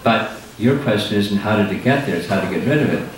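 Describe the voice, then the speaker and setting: An older man with a fairly low voice gives a thoughtful talk to an audience. He explains carefully and stops to clarify what he is asked. He is heard from a distance in a very echoey hall, with faint noise underneath. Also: expressive, a little fast. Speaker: spiritual teacher answering questions. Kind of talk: lecture with audience Q&A.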